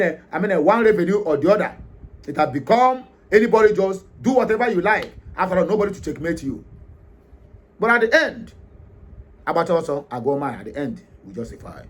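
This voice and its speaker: Emphatic Nigerian man, high voice. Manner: emphatic, repetitive, frequent hesitations. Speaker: commentary host. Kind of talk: opinionated monologue commentary.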